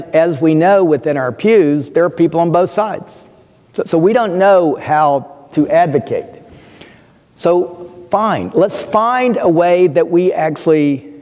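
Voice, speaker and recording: A man's voice: a little high, darkish tone. Earnest man speaking in a reverberant hall. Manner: earnest and emphatic, with frequent restarts. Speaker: physician and pastor, panel guest. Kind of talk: panel talk, personal storytelling. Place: lecture hall. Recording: long reverb of a large hall.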